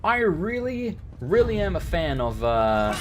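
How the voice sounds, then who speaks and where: Excitable man commentating his gameplay. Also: sits high, measured pace, music in the background. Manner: excitable, swears often, talks to the game characters. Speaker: let's play host.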